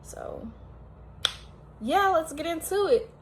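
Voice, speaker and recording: A woman chatting casually as she cooks at home, tired and a little out of breath, talking at length with sudden loud exclamations. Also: very high voice, takes it slowly, creaky, noisy background. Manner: talkative, animated, often exclaiming. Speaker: home cooking vlogger. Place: home kitchen, indoors.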